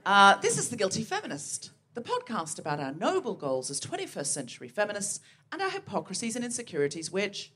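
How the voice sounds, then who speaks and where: Bright, chatty woman hosting live comedy. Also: medium pitch, wildly swooping pitch, a little fast, hardly any pauses, husky. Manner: chatty, self-mocking banter with the audience. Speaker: podcast host. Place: theatre stage at a live show.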